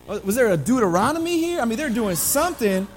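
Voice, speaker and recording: A pastor preaching a sermon, calling listeners family, moving between quiet, slow lines and emphatic ones, with playful asides. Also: medium pitch, faint music behind, poor audio. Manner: animated, swinging between hushed and emphatic delivery.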